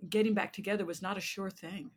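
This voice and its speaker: A woman in her sixties from the United States, a playwright telling animated stories in an interview and acting out voices as she goes. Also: mid-range voice, fast, breathy edge. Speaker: playwright guest. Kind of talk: interview storytelling.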